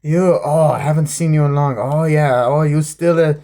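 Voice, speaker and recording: A smug, boastful rival supervillain with a mocking, exaggerated tone, as a man puts him on. The voice sits noticeably higher than a plain speaking voice and comes out louder and pushier. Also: steady tone, moderate pace, close to an everyday voice. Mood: smug taunting.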